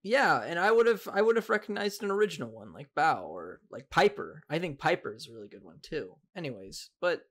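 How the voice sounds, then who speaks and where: A young man in his twenties with a somewhat high voice co-hosts a podcast. He talks in relaxed, joking banter, needling his friends and swearing freely. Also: brisk, few pauses. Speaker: podcast co-host. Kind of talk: casual chat.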